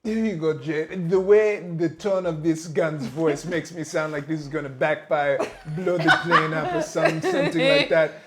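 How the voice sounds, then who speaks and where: A man playing a tabletop game, planning out loud in a quick, animated way. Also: a little high, very noisy. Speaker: player. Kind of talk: casual tabletop play.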